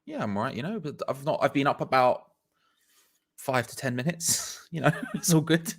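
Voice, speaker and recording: A man's voice: medium pitch, lively intonation, normal speed. A man, co-hosting a football fan channel in playful, laid-back, teasing live chat. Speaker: co-host.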